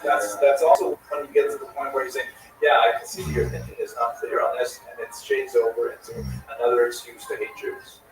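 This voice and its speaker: A man hosting a livestream discussion in a casual, animated way. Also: mid-range voice, brisk. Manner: animated, tells jokes. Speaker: livestream host. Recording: echoey room from far off, faint noise.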